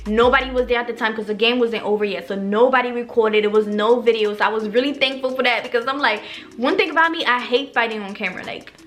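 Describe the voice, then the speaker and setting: A young woman vlogger telling a story in casual slang, animated and swearing freely to her viewers. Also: fairly high pitch, fast. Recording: faint background music.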